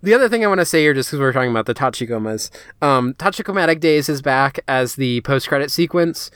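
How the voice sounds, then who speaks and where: A man co-hosting a podcast in casual chat, animated and full of filler words and quick asides. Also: medium pitch, clear, resonant tone, no room sound, studio quality. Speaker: podcast co-host.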